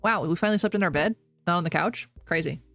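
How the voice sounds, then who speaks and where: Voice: medium pitch, fast, a bit bright, no room sound. Casual streamer over faint game music. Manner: casual, joking, lots of fillers. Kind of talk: casual game-reading livestream commentary.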